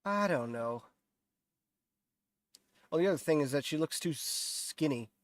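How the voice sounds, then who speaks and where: Stuffy and nasal from a cold, a man with a fairly high, animated voice rambles casually through a live modeling stream at a measured pace. He makes self-deprecating asides, using many fillers and restarts, in clean studio sound with no echo.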